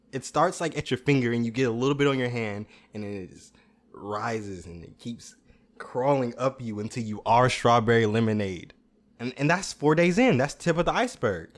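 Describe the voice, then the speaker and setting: Young man, casual comedic storytelling, animated, swears freely, middle-pitched voice. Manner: animated, swearing, laughing at his own stories. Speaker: podcast host.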